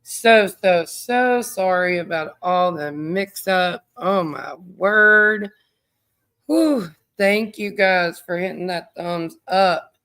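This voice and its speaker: A woman's voice: lowish voice, expressive, slow, a bit bright, smooth. A tired woman, hosting a true crime livestream in a rambling, chatty way and greeting viewers by name. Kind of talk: casual livestream chat.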